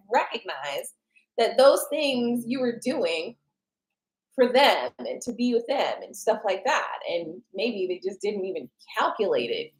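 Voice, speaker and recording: A woman's voice: fairly high pitch, rough recording. A woman reading tarot on a live stream, chatting with viewers and answering their comments with frequent laughs. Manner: animated and chatty, laughs often, talks straight to viewers.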